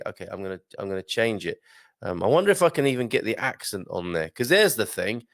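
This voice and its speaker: A man's voice: on the low side, very animated, fast talker, vocal fry, a bit bright, dry recording, clean studio sound. A man from Britain hosting a live stream, reading out viewer comments in a chatty, joking way with many hesitations. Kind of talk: casual live chat.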